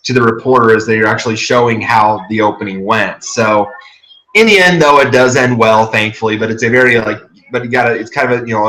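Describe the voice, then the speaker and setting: A man's voice: on the low side, a bit bright, reverberant, low-quality recording. A man hosting a casual episode review, talking enthusiastically and rambling with frequent restarts. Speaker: podcast host.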